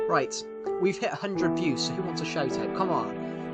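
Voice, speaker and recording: A man's voice: a little high, lively intonation, moderate pace. A man in his twenties with a British accent, rambling and chatty as he answers viewer comments during a game stream. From United Kingdom. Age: 20s. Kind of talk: live-stream chat while gaming. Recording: background music under the voice.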